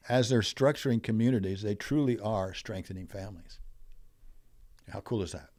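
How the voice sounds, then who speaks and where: An older man, a guest on a podcast, telling an animated story about business and mindset, his voice swelling and dropping as he makes his point. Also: fairly low pitch, moderate pace. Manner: animated storyteller, rising and falling in loudness. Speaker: podcast guest, wealth coach.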